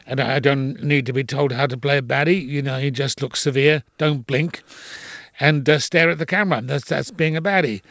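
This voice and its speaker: Older man, gravelly, expressive, indignant, interview storytelling. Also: mid-range voice, moderate pace, no echo, lo-fi sound. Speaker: actor and playwright interviewee. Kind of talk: animated interview anecdotes.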